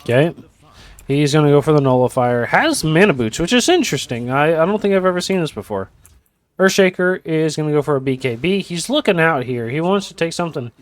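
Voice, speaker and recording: A man's voice: on the high side, expressive, fairly quick, no echo. A man casting a video game match in a casual, rambling way with joking asides. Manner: rambling, joking asides, lots of "you know". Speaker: esports caster.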